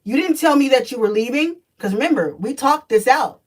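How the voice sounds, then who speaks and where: A woman's voice: high voice, expressive, fairly quick, husky, distant mic, low-quality recording. A woman, telling her life story in a blunt, profane, emphatic vlog as a spiritual energy reader.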